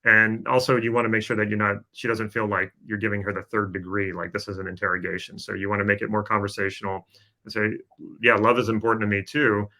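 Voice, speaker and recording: Bright-toned man explaining on a podcast. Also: lowish voice, flat delivery, fast talker. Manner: explanatory, coaching tone with frequent fillers. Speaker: podcast co-host. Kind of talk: casual podcast chat.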